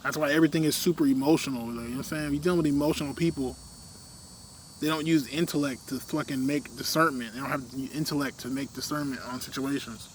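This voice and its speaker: A young man in a casual, rambling rant, full of fillers, often trailing off quietly at the ends of his thoughts. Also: mid-range voice, steady tone, fast talker, slight background noise.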